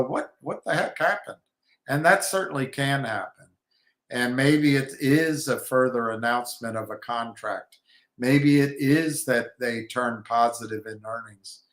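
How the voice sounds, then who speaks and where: A man giving rambling commentary on markets and trading, halting, with many restarts and fillers. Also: medium pitch, fairly bright tone. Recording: echoey room.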